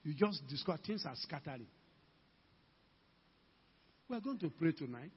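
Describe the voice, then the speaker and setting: Older preacher, husky and echoing. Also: male voice, a little high, lively intonation, moderate pace. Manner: fervent exhorting preacher, acts out quoted dialogue. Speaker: pastor. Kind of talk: sermon. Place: church hall. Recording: dull lo-fi church recording with long reverb.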